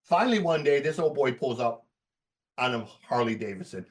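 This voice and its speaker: Profane, animated male podcaster. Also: mid-range voice, normal speed, recorded from a distance. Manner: profane, animated storyteller who laughs as he talks. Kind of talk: casual podcast storytelling.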